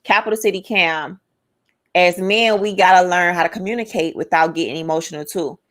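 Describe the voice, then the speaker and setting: A woman co-hosting a casual podcast chat, reading out viewer comments and reacting in an animated, lively way. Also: on the low side, brisk.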